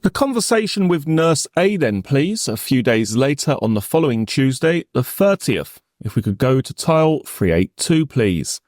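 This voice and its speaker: Male prosecutor for a courtroom reenactment: formal, probing, lively pitch, dry close sound. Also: normal speed, hardly any pauses, no room sound. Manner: formal, probing, pointed questions. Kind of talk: courtroom cross-examination reenactment.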